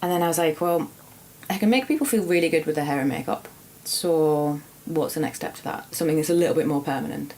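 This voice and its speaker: A woman's voice: deep voice, fast talker, few pauses, dark tone. A young woman personal trainer co-hosting a podcast, talking earnestly and with enthusiasm. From northern England. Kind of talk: casual chat.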